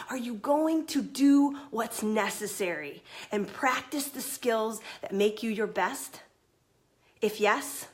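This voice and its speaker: A woman coach giving an energetic, emphatic motivational talk on a livestream. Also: fairly high pitch. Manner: energetic, emphatic, swears then apologizes. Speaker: confidence coach.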